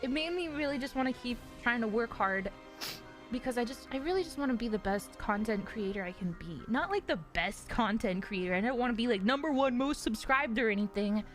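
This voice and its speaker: A woman's voice: a little high, expressive, a little fast, faint music behind. A woman in her twenties, a streamer, talking in casual live-stream chat in an earnest, confiding way with many fillers.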